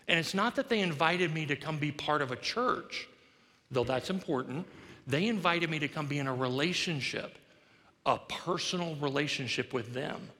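A man's voice: fairly high pitch, bright, forceful tone. A middle-aged male pastor preaching a sermon, telling a story with humor and self-deprecation. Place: church sanctuary. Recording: long reverb of a large church hall.

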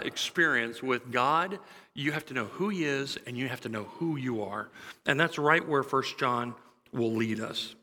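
A middle-aged pastor preaches in a relaxed, storytelling way, chuckling now and then. His voice is very bright and ringing, and it carries a long reverb from the large hall around him. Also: medium pitch. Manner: conversational storytelling, lively and chuckling. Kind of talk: sermon.

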